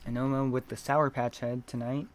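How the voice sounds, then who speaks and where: A man doing live play-by-play commentary of a game, reading chat messages between pitches, his voice not feeling well. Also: flat delivery, moderate pace. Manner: reads chat messages between calls, gets loud on big hits.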